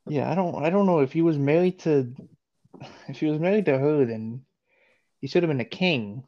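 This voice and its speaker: A man's voice: a little high, moderate pace, warm tone, muffled recording. A man co-hosting a podcast, chatting in a laid-back, easygoing way with lots of laughing banter. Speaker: podcast co-host. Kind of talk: casual podcast chat.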